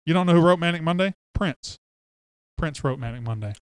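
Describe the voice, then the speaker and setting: A man's voice: on the high side, animated, a little fast, clear, resonant tone, no room sound. A man hosting a sports podcast, chatty and joking as he reads viewer comments aloud. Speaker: podcast host. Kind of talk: casual sports podcast chat.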